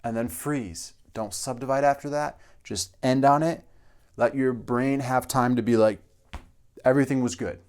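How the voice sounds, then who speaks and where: A man's voice: mid-range voice, a little slow, a little mellow, smooth. A male drum teacher explaining a practice exercise step by step and counting beats aloud. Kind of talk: instructional demonstration.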